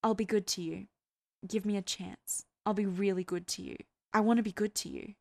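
A woman's voice: medium pitch, flat delivery, normal speed, creaky, darkish tone, no room sound, lightly acted. A woman reading as a pleading, eager young man. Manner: pleading, intimate.

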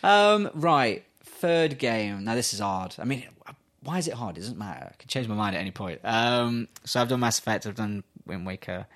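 A British man co-hosting a podcast in casual chat, swearing freely and telling animated stories with acted-out voices. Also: on the low side, moderate pace. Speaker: podcast co-host.

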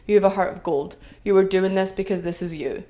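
A woman's voice: medium pitch, brisk, warm tone. A young woman with a Scottish accent talks straight to her listeners in a solo podcast. She speaks earnestly, building into motivational encouragement, recorded in her own home. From Scotland. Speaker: podcast host.

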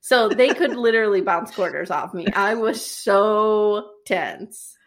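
A woman co-hosting a podcast, casually recapping a TV episode with jokey, animated storytelling. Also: medium pitch, takes it slowly. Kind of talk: casual chat.

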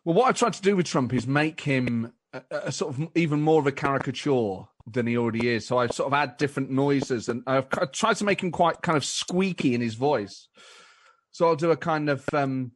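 Sex: man. Role: impressionist guest. Style: casual interview chat. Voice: mid-pitched. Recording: dry and close. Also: fairly quick, no echo.

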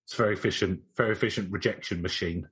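A man's voice: low-pitched, fairly even intonation, quick pace, fairly bright tone. A young man co-hosting a podcast, chatting in a dry, joking, rambling way. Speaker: podcast co-host. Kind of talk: casual banter.

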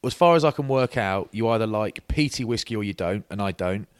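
A man's voice: fairly low pitch, lively intonation, brisk, clear, resonant tone, dry recording, studio quality. A man co-hosting a casual podcast, teasing his friend and rambling with plenty of fillers. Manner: teasing, rambling, lots of likes and ums. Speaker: podcast co-host.

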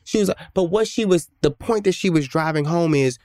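A man, a musician guest telling a story in a lively, animated way and acting out other people's voices. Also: a little high, brisk, dry recording. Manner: animated, acts out voices in stories. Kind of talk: conversational storytelling.

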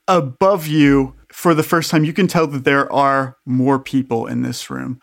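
A man running a tabletop game as game master, describing scenes in a relaxed way with fillers. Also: mid-range voice, unhurried, vocal fry.

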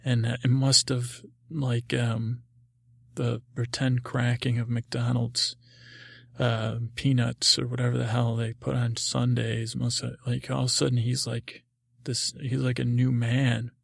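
Gravelly, husky man rambling through a story. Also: medium pitch, level tone, no room sound, studio quality. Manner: rambling, halting, with many fillers and restarts. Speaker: podcast host.

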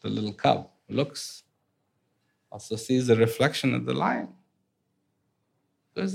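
Man telling fables, lively pitch. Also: slow pace, vocal fry, pauses often. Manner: animated, conversational with fillers. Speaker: speaker. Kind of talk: storytelling talk.

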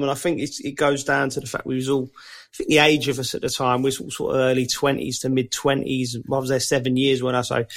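A man's voice: mid-range voice, a bit bright. A man, a podcast co-host telling stories in a chatty, laddish way with plenty of restarts. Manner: chatty storyteller, laddish slang, many restarts. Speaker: co-host, former footballer. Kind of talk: casual podcast chat.

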